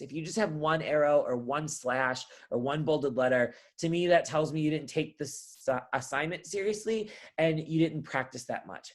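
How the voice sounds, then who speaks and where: A young man, a college speech instructor, talking through a class assignment in a relaxed, chatty way and often checking in with "right?". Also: a little high. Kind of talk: recorded course walkthrough.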